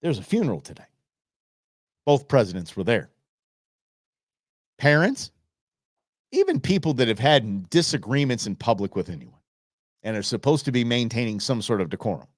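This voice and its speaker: Sarcastic man riffing on politics, lively pitch. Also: normal speed, long pauses, dry recording, clean studio sound. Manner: sarcastic, animated, mocking impressions. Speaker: host of a live political commentary show. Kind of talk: casual live-stream political commentary. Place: small home studio. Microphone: studio microphone.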